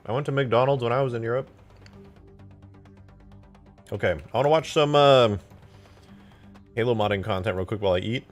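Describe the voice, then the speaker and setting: A man live-streaming, chatting casually and excitedly with his viewers while eating and reacting to videos. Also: medium pitch, moderate pace, pauses often, soft background music. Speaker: livestreamer reacting to game mod videos.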